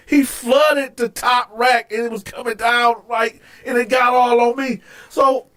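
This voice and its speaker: High-pitched guy telling a wild story, animated and cussing, gets loud acting stuff out. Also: measured pace. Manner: animated and profane, acts out scenes with loud outbursts. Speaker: host. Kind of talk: casual storytelling.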